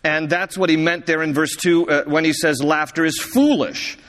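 Male pastor, high voice, chatty storytelling sermon, long reverb. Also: steady tone, fairly bright tone. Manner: chatty storytelling, quick to laugh.

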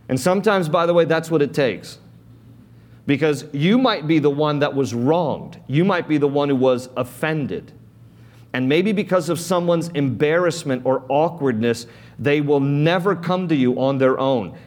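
Male pastor, mid-pitch, chatty sermon delivery with restarts and repeats. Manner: conversational, repeats words while building points.

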